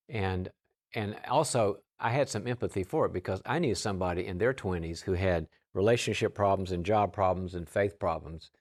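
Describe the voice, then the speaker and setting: Brief: deep-voiced middle-aged male guest preacher, storytelling sermon, chatty. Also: fairly quick. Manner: conversational, acts out dialogue. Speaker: guest speaker.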